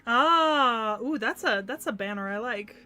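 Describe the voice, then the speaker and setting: A woman chatting casually as she plays a mobile game. Her voice is a bit high and bright, and she swears and grumbles in exasperation. Faint game music plays underneath. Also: lively intonation, measured pace, smooth. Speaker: game streamer. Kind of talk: casual gaming chat.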